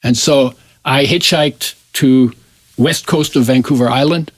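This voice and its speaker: Unhurried and mid-range in pitch, this man in his eighties is a guest in an interview, recounting something personal in a lively way. He frequently starts his phrases over, and there's no room sound.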